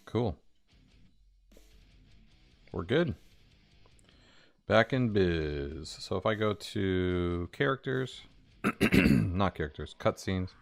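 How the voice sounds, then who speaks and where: A man developing a game on a live stream, talking to himself and swearing casually, his voice a bit hoarse. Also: sits low, expressive, very slow, long pauses, soft background music.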